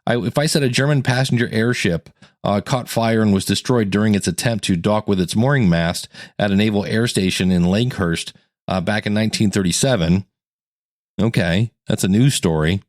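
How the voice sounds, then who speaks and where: A man hosting a teaching podcast in a casual, conversational way, acting out quotes with sudden jumps in pitch. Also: normal speed, dry recording, studio quality. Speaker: podcast coach and host.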